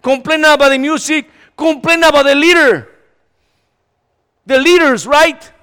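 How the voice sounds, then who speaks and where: Speaking at a moderate pace in a very high voice, a Latin American man preaches a funny sermon in a church. He's animated and jokey, mixes in some Spanish, and acts out complainers, all echoing through a reverberant church hall.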